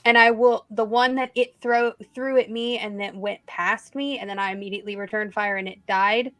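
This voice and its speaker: A woman's voice: medium pitch, steady tone, a bit bright, no echo. Woman player calling out dice rolls. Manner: quick, practical, talks through dice rolls. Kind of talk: tabletop game play.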